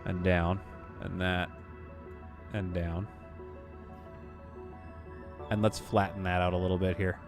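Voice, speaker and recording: A man's voice: sits low, level tone, slow, pauses often, music in the background. A man casually talking through a game on a live stream, reading viewer comments aloud. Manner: casual, chatty, reads chat aloud.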